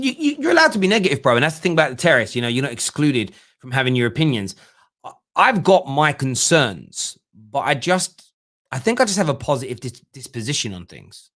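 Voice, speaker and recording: A man's voice: medium pitch, a bit bright. A young man hosting a casual football fan live stream, joking and reading viewers' comments aloud. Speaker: fan channel host.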